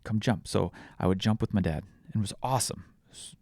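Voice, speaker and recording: A young man with a very low voice speaks candidly about his own life, swearing freely and restarting sentences as he works through it. The sound is close and dry, with no room around him. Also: a little mellow, no room sound. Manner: frank, swears often, halting restarts. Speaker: podcast host. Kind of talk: candid personal storytelling.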